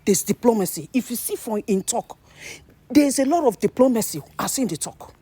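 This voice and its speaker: A Nigerian woman vlogger with an animated manner, talking to her viewers in casual commentary. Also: on the high side, normal speed, breathy edge. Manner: animated, mixes Nigerian Pidgin and English.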